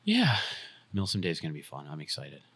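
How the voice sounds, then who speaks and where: A man co-hosting a casual podcast, talking bluntly and swearing freely as he thinks out loud. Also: very deep voice, wildly swooping pitch, fast talker, vocal fry, slightly rough. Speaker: podcast co-host.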